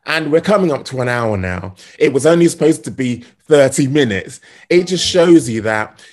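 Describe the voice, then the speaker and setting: A man hosting a podcast in casual conversation, speaking in a measured, thoughtful way. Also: medium pitch, lively intonation, a little mellow. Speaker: podcast host.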